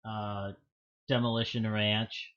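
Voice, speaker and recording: A man's voice: on the low side, level tone, slow pace, fairly bright tone, muffled recording. A man running a tabletop game, asking the players easygoing questions. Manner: laid-back, asks players questions. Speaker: game master.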